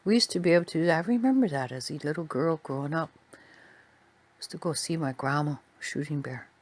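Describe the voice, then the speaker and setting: A woman telling a personal story in a soft, quiet, unhurried way. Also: low-pitched.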